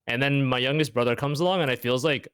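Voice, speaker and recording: A young man speaking as an interview guest in casual chat, reflective and halting, leaning heavily on "like.". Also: medium pitch, a bit bright, clean tone, no room sound. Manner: reflective, halting, heavy use of "like".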